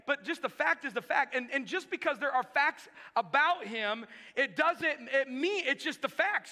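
Pastor guy preaching, really high bright voice, hammers phrases over and over, big echoey hall. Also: animated, moderate pace, few pauses. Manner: emphatic, repeats key phrases for effect. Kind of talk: sermon. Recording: long reverb of a large hall.

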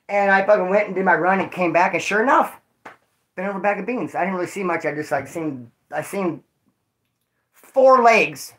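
A man's voice: high-pitched, a little fast, a bit bright. Rambling, profane man telling stories. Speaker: vlogger telling prison stories. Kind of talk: casual storytelling to viewers.

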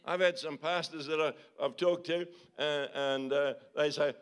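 A man's voice: on the high side, steady tone, unhurried, few pauses, clear, resonant tone. Pastor exhorting his congregation. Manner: exhorting, repeated calls and tag questions. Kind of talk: sermon. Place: church service.

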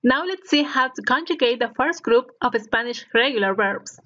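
A woman narrating a scripted language lesson as the teacher, speaking slowly and clearly so learners can repeat after her. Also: fairly high pitch, animated, sharp tone. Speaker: Spanish teacher. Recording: dull lo-fi recording.

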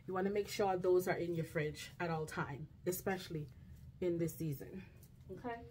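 Speaking at a normal speed in a lowish, fairly even, slightly mellow voice, a vlogger talks casually through her grocery haul inside her home. She draws things out and keeps checking in with "okay?", with a little hiss or hum on the audio.

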